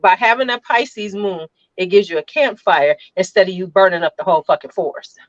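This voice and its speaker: A woman's voice: mid-range voice, brisk, no echo, muffled recording. A woman hosting a casual chat, blunt and joking, who swears freely. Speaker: host.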